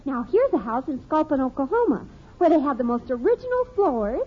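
A gushing, excitable teenage daughter in a 1950s radio comedy. Her high, bouncy voice rises and falls eagerly as she rushes through ideas. The sound is dull and muffled, like old radio. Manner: breathless and enthusiastic.

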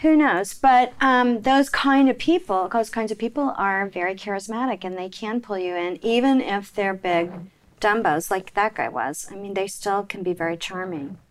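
A woman from Oklahoma co-hosting a casual chat, animated and opinionated, with quick restarts. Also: mid-range voice. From Oklahoma City, USA. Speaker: podcast co-host.

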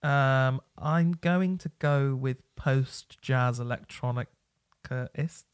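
Male co-host, mid-pitched, enthusiastic, rambling with restarts, dry close sound. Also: extremely slow, clean tone, no echo. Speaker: music podcast co-host. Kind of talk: casual chat.

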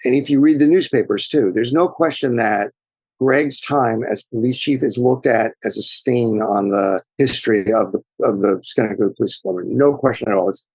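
A man's voice: medium pitch, moderate pace, husky, no echo, low-quality recording. A man answering interview questions as an author guest, speaking in a thoughtful, digressive storytelling way.

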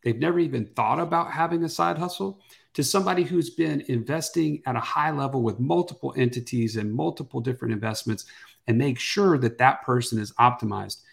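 A man's voice: medium pitch, a little fast, vocal fry. A man co-hosting a podcast in an upbeat, conversational way. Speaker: podcast co-host. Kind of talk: podcast promo and chat.

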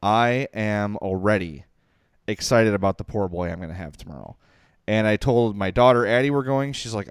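A middle-aged man co-hosting a hockey podcast, talking in an excitable, jokey way and reading sponsor spots. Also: lowish voice, moderate pace, smooth, no echo, clean studio sound. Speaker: podcast co-host. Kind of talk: casual sports chat and sponsor read.

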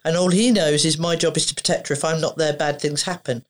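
A woman with a deep voice talks quickly as a podcast guest; she's an emotional therapist. She tells animated, conversational stories and often acts out what people said.

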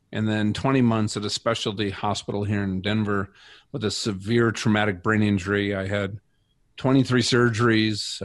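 A man's voice: lowish voice, dry recording. A middle-aged man telling his personal faith story as a guest, earnest and reflective. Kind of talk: personal faith testimony in conversation.

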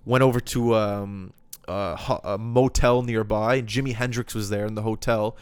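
A man's voice: lowish voice, steady tone, normal speed, clean tone, dry recording. A young man in his twenties, a podcast co-host, telling a long story in casual chat with many restarts.

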